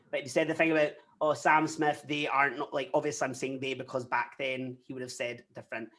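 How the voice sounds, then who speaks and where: A young adult guest with a Scottish accent, telling personal stories candidly in a casual interview, often quoting themselves and others. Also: male voice, medium pitch, fast talker, hardly any pauses. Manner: candid, animated storytelling with frequent quoted asides.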